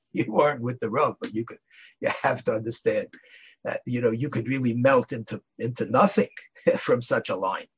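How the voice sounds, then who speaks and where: An older man with a deeply husky, raspy voice teaches an informal Torah class. He rambles into stories and digressions, laughing softly and sprinkling in "you know." The sound is dull and lo-fi. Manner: digressive storyteller, chuckles often, many "you know"s.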